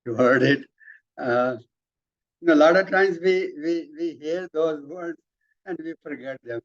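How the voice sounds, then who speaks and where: A man leading a spiritual study session, explaining emphatically with repeated words and halting restarts. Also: a little high, no echo. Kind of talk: explanatory talk, reading out and commenting. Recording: dull lo-fi, dry sound.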